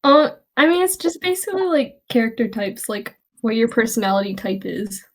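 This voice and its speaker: A young woman, a student club officer, chatting casually in a bubbly, giggly manner. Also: a little high. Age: young adult. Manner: bubbly, giggly, quick asides. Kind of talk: casual chat.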